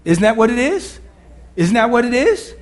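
A male pastor delivers an emphatic, preacherly sermon in a high voice. His pitch swings widely from line to line. He calls on the congregation to answer him. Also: sing-song, normal speed. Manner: drops to a low intense murmur during prayer.

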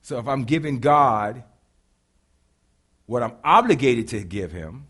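A male pastor preaching a sermon, animated and confiding, talking straight to the congregation. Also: medium pitch, a little slow, breathy edge.

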